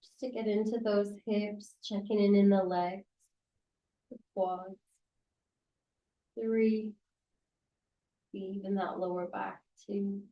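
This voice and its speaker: A woman teaching a yoga class, giving calm, encouraging, unhurried cues through the movements and breaths. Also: medium pitch, lo-fi sound. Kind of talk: guided yoga class instruction. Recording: roomy sound from a distance.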